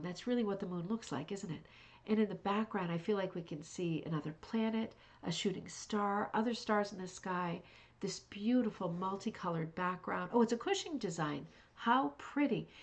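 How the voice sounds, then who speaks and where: A woman's voice: mid-range voice, lively intonation, moderate pace. A middle-aged woman hosting a craft club livestream, chatting casually and gushing with praise, with many fillers and restarts. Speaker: host of a rug hooking club livestream.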